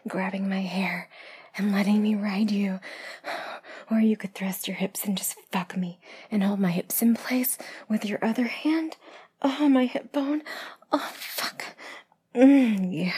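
A woman in a whispered role-play, talking in an intimate, breathy whisper broken by soft moans. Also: mid-range voice. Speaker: audio role-play performer.

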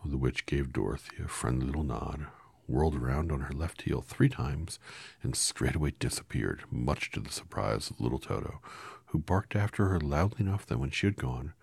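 Man reading a children's story aloud, very low, husky, gravelly, calm and unhurried. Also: no room sound. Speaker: storybook reader.

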